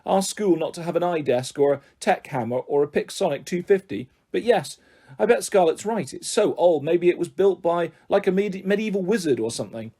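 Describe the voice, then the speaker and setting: Man doing a know-it-all kid, a bit higher, show-off tone. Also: expressive, fairly quick, mellow. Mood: smug. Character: smug know-it-all young boy.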